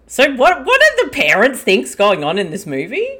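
A woman's voice: medium pitch, wildly swooping pitch, moderate pace, fairly bright tone, breathy edge. A woman with an Australian accent, chatty and giggly as co-host of a casual movie commentary chat. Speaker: podcast co-host.

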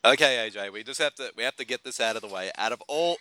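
A man's voice: medium pitch, fast talker, sharp tone, dry recording. A man co-hosting a casual podcast about films, laughing often as he talks. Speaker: podcast co-host. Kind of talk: casual chat about movies.

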